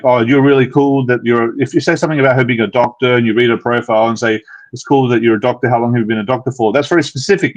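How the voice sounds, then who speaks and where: Man, Australian accent, quick rambling delivery, mid-pitched, casual live-stream Q&A, video call. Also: poor audio. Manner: fast and rambling, frequent fillers and restarts. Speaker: dating coach, live Q&A host.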